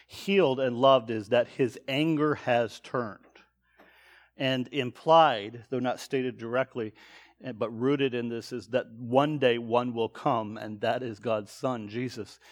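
A man's voice: medium pitch, fairly even intonation, measured pace. A man preaching, teaching a text verse by verse and reading each verse aloud with lifted emphasis before explaining it.

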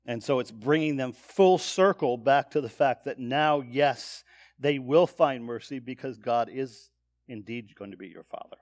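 A man's voice: medium pitch, unhurried. Man teaching verse by verse. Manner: explanatory, reads verses aloud with lifted emphasis. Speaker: preacher.

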